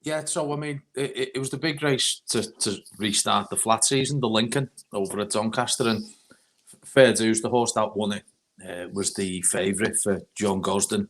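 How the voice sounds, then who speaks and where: A man's voice: on the low side, fairly even intonation, normal speed, a bit bright. A man from England giving racing tips with dry, teasing banter in casual chat. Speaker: resident tipster.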